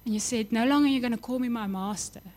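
A young woman delivering a sermon with fervent, swelling emphasis that falls back into hushed, tender lines. Her voice sits a little higher than most. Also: quick pace. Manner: impassioned, rising to emphatic peaks then dropping soft. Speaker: preacher.

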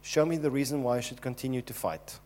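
A man's voice: mid-range voice, fast, a little mellow, natural voice. A man preaching who voices King David as a desperate man pleading urgently with God. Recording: long hall reverb.

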